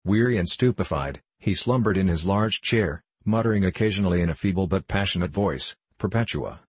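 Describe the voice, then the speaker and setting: Deep husky male audiobook narrator. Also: brisk, no echo. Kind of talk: audiobook narration of a classic novel.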